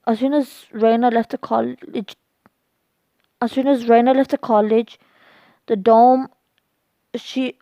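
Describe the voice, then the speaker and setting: Halting woman reading a homemade story. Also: a little high, fairly even intonation, dark tone, no room sound. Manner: halting, repeats and restarts lines. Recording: dull lo-fi, dry.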